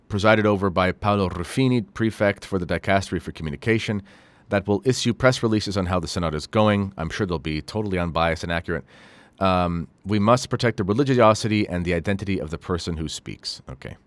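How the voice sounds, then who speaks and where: A man's voice: lowish voice, brisk, dry recording. A man hosting a commentary show, reading quotes aloud and adding critical, sarcastic remarks with frequent fillers. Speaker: host.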